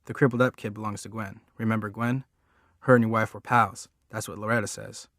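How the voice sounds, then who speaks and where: A man's voice: on the low side, flat delivery, fairly bright tone, no room sound, studio quality. A man reading the part of a nervous, bearded sidekick in an audiobook, talking in a jittery hurry. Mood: hurried. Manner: jittery, hurried.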